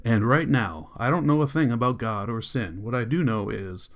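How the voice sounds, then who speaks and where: A man's voice: medium pitch, normal speed, close to an everyday voice. A man reading a defiant young teacher. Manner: earnest, impassioned arguing. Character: young male schoolteacher, frustrated and defiant.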